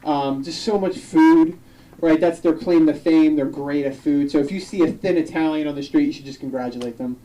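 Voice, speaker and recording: A young man performs stand-up on a comedy club stage, spinning loose, chatty stories and snapping into quick quoted voices. His tone is mellow and rounded. He sounds a little distant from the microphone. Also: a little high. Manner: loose, conversational storytelling with quick acted quotes. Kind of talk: live stand-up set.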